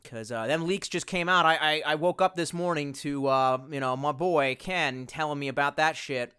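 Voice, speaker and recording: Profane rambling young man, bright voice. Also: a little high, moderate pace, clear, resonant tone. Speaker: livestream host. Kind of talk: casual livestream chat. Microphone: bluetooth headset.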